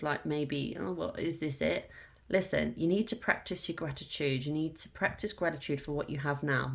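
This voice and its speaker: Woman doing a tarot reading, low voice, blunt and encouraging, curses casually. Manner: frank, coaxing, swears casually, repeats "look" and "like". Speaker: tarot reader.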